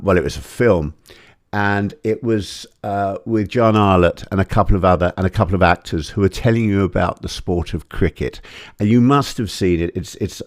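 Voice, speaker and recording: A man's voice: lowish voice, no echo, clean studio sound. A male host from England interviewing a guest in a chatty, digressive, self-deprecating way. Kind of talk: casual chat.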